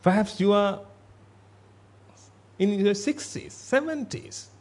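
A man's voice: high voice, slow pace, a little mellow. A man giving a Buddhist sermon in a blunt, emphatic way, repeating himself for stress. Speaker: Buddhist monk.

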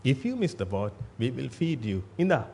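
A man's voice: medium pitch, huge pitch swings, normal speed, gravelly, mellow, slight background noise. A man giving a Buddhist sermon in a blunt, emphatic way, repeating himself for stress. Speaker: Buddhist monk.

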